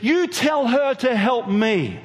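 A man's voice: high-pitched, lively intonation, takes it slowly, in a large hall. A man voicing Martha as an overworked, indignant woman complaining in a sermon retelling. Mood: exasperated. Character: exasperated frantic woman Martha, overworked hostess.

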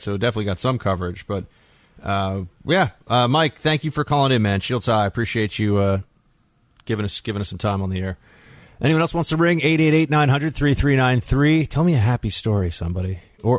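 A man's voice: fairly low pitch, dry recording. A man hosting a talk radio show, chatting casually and giving his opinions, often restarting his sentences. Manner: conversational, frequent restarts, opinionated. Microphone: studio microphone.

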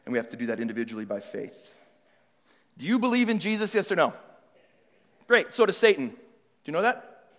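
Male pastor, high voice, sermon style, hushed questions building to loud emphatic preaching, hall reverb. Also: big pitch swings, a little fast, pauses often. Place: church hall. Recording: long reverb of a large hall.

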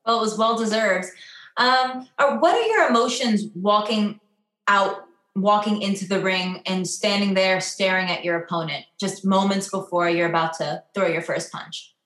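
A woman's voice: mid-range voice, normal speed. Chatty woman interviewer in an echoey room. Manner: chatty, expressive. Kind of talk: casual interview questions.

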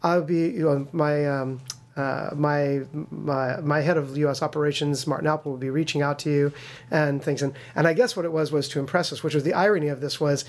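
A man's voice: on the high side, brisk. A man, a game studio co-founder, telling a story in a casual interview, acting out quoted voices with many fillers and restarts. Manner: lively storyteller who acts out quoted voices.

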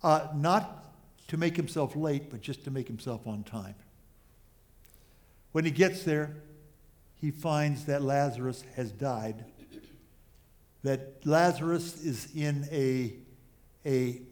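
Pastor, male, slightly high voice, slow earnest sermon delivery with halting restarts. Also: darkish tone. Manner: earnest, pausing often with small restarts.

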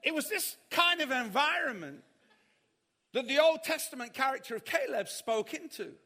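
Animated preacher in a reverberant hall. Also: male voice, normal speed. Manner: animated storytelling, acting out panic in high shouts. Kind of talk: sermon with humorous anecdote.

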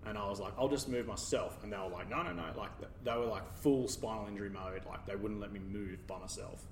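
Man, low voice, animated storyteller, distant mic, echoey room with faint hiss. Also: a little fast. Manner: animated, laughing while telling a mishap story. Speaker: podcast guest. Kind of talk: casual storytelling. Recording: roomy, distant, faint background noise.

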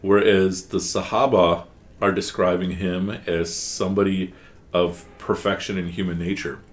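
Guy teaching one student, really deep voice, asks lots of questions, bit of room noise. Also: level tone, measured pace. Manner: explains patiently, asks guiding questions. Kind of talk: one-on-one class discussion.

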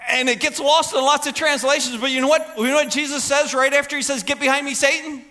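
Male pastor, very high bright voice, lively conversational sermon delivery. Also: quick pace. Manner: animated, conversational preaching with quoted asides.

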